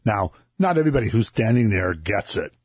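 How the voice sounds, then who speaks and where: Male co-host, low husky voice, relaxed conversational storytelling. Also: fairly quick, no room sound, studio quality. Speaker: co-host discussing scripture. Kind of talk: casual Bible discussion.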